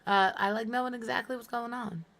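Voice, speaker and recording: Hoarse, tired woman streaming a game. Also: on the high side, steady tone, a little fast, a bit bright. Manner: tired, muttering to herself while building. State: hoarse, voice fading. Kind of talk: casual gameplay streaming chat.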